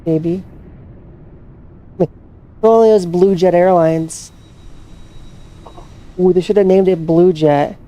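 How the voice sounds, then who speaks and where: A woman's voice: lowish voice, steady tone, slow pace, long pauses, dark tone, muffled recording. A woman casually commenting to herself while playing a flight simulator, swearing freely as she hunts for her plane. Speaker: flight sim streamer.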